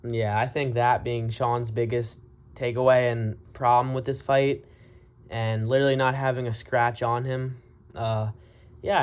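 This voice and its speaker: A man giving casual, profane commentary on a fight, blunt and mocking as he rants. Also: mid-range voice. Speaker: MMA commentary vlogger.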